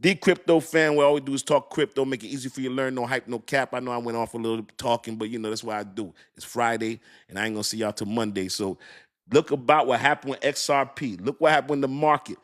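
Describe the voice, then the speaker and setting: With a mid-range voice, fairly even intonation, and a quick pace, this crypto livestreamer banters with his audience. He reads their comments, laughs and jokes a lot, and gropes aloud for words.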